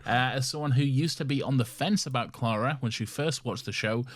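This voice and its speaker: A man's voice: medium pitch, fairly quick. A man with an ordinary mid-range voice chats casually as a podcast co-host. He sounds enthusiastic, but he hedges and restarts as he works through his points. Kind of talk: casual chat.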